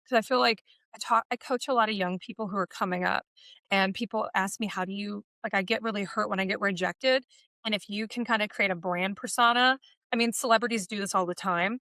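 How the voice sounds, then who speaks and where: A woman's voice: mid-range voice, sharp tone, no echo, clean studio sound. A woman talking as a podcast guest in casual conversation, chatty and telling stories. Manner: chatty, storytelling, quotes people in voices. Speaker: podcast guest, automotive media personality.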